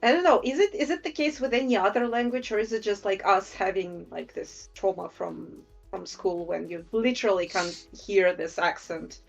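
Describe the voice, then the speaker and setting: A woman's voice: medium pitch, moderate pace, gravelly, hardly any pauses. A woman with a Slavic accent, a Slavic language her first tongue, chatting playfully and giggling on a drawing live stream. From Slavic country. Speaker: associate art director, stream guest. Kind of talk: casual live-stream chat. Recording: slightly dull audio, faint music.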